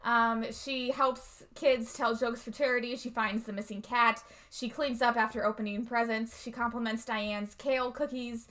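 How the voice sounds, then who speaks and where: A woman's voice: fairly high pitch, normal speed, hardly any pauses. A woman co-hosting a podcast, recapping a movie in casual chat and laughing often. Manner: laughs often, animated retelling. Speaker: podcast co-host.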